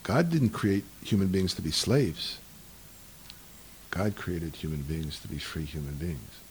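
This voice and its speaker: A man talking in a lively, argumentative way about tradition, acting out the voices in the stories he tells. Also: sits low, a little slow, slight background noise. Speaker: speaker on Jewish tradition. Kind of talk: animated conversational storytelling.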